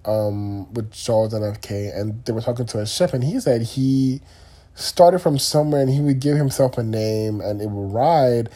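A young man talks alone on his podcast, drifting from thought to thought in a loose, candid ramble. His voice is warm and a little breathy. He swears offhandedly as he goes. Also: medium pitch, normal speed. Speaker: podcast host. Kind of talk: solo podcast monologue.

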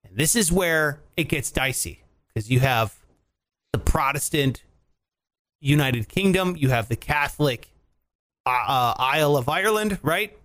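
A man co-hosting a casual chat show, talking in an animated, profane, mocking way. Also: fairly high pitch, a little slow. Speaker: podcast co-host.

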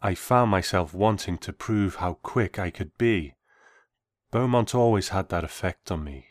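Deep-voiced man narrating a story. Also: measured pace, dry recording, studio quality. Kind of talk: first-person story narration.

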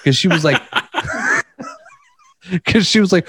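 A man's voice: on the high side, huge pitch swings, a little slow, long pauses, a bit bright, slightly rough, no room sound. Laughing, rambling young man telling stories. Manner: rambling storyteller, laughs often, acts out quotes. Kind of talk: casual podcast chat.

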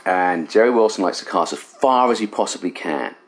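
A middle-aged Englishman with a low voice that rises and falls a great deal. He tells a story in a casual, animated way and laughs at his own mistakes. He is a guest in a riverside cabin. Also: a little fast. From England. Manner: animated, self-deprecating storyteller. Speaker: fly casting instructor, guest.

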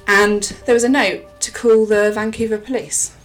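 A woman from England telling a true crime case in a casual chat, with dramatic pauses. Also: medium pitch, fairly even intonation, faint music behind.

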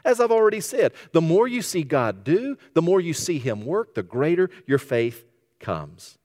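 A man preaching a sermon as pastor, telling stories and dropping to a hushed voice when he quotes. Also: fairly high pitch, sing-song, moderate pace. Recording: reverberant hall.

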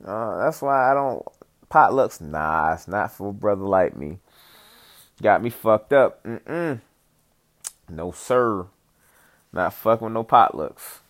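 A man's voice: fairly low pitch, animated, takes it slowly, long pauses. A man telling a rambling, profane, comedic story in casual chat, full of fillers and asides.

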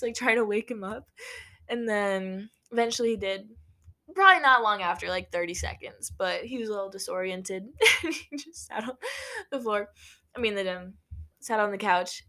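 Young woman from Nebraska, casual vlog storyteller, giggly, filler-heavy, mid-pitched voice. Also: sharp tone. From Nebraska, USA. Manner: chatty, laughs often, many "like" fillers. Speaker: vlogger.

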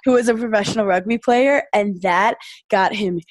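A woman's voice: mid-range voice, normal speed, no echo, studio quality. A young woman, a podcast guest, tells stories in a chatty, rambling way full of fillers. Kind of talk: casual storytelling chat.

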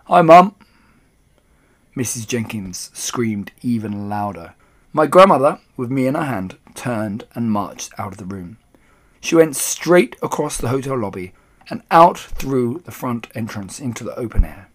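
Guy reading a kids book out loud, super animated. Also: medium pitch, unhurried. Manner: expressive, animated. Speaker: audiobook reader. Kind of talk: storybook narration for children.

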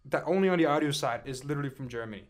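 A man's voice: a little high, lively intonation, racing. A young man hosting a casual podcast chat, brash and profane, hyping up his listeners. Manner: brash, profane, hypes the audience. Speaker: podcast host.

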